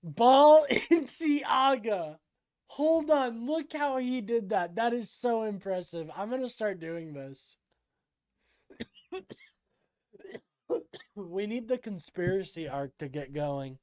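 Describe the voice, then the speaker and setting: Guy streamer reacting to a clip, slow and mocking, talks his thoughts out loud. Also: high-pitched, lively intonation. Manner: incredulous, mocking, thinks aloud. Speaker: livestream host.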